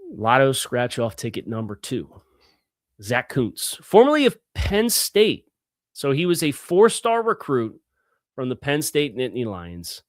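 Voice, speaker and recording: A man hosts a football podcast in a conversational, off-the-cuff manner. His voice sits at a middle pitch. The sound is close and dry. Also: sing-song, measured pace, no room sound. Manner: conversational, fillers and restarts, stresses key words. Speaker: podcast host. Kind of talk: sports analysis podcast with host-read ads.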